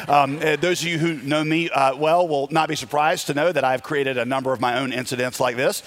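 Upbeat pastor preaching, slightly high voice. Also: male voice, a little fast, hardly any pauses, a little hiss or hum. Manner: energetic, humorous, frequent fillers. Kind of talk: sermon. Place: church sanctuary.

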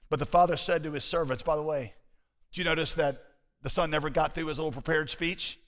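A man preaching a sermon, dropping to hushed, intimate asides and then building to loud, emphatic rhetorical questions as he tells stories. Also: mid-range voice, moderate pace, big-room sound. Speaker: pastor.

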